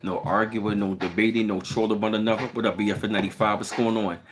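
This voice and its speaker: A man's voice: on the low side, fast, noisy background. A man with a Baltimore accent, chatting casually on a live stream and greeting viewers by name. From Baltimore, Maryland. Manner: relaxed, greets chat by name.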